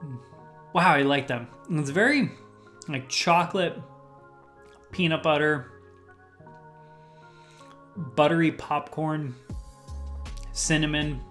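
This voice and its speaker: A man's voice: a little high, takes it slowly, long pauses, fairly bright tone, soft background music. Man casually rattling off whiskey tasting notes. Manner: rambling lists of tasting notes, full of "like" fillers. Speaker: whiskey reviewer, channel host.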